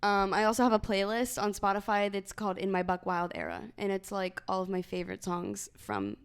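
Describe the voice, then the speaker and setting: A woman's voice: mid-range voice, animated, brisk, clean tone. A young woman co-hosting a podcast, chatting casually with friends, full of fillers and laughs. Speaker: podcast co-host. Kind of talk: casual chat.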